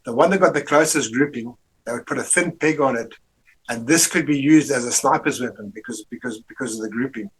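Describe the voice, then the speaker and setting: A man's voice: medium pitch, a little fast, slightly rough, low-quality recording. A man, an army veteran guest reminiscing in a rambling way, full of restarts and salty slang. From Rhodesia. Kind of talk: casual reminiscing interview.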